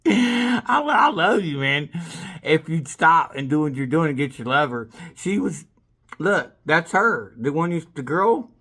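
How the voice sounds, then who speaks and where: A man talking in a rambling, casual monologue, swearing freely and breaking into laughter, swinging from loud excitement to low mumbles. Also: a little slow. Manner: rambling, with restarts and bursts of laughter. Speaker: vlogger.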